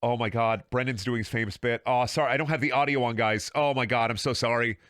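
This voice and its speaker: A man's voice: medium pitch, steady tone, fast, fairly bright tone, no room sound, clean studio sound. A man streaming a video game, talking in a sarcastic, rambling, profane way with frequent laughing and repeated words. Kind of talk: casual game livestream commentary.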